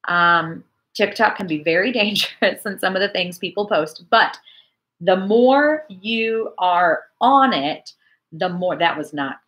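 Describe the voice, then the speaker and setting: A woman in her forties hosts a casual church livestream chat, reading viewer comments and chatting in an animated way. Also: on the low side, a little slow.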